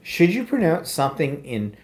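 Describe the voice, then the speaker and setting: A man's voice: fairly high pitch, big pitch swings, normal speed, a little mellow. A middle-aged man with an Ontario Canadian accent, co-hosting a casual live chat in a wry, self-deprecating way. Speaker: co-host.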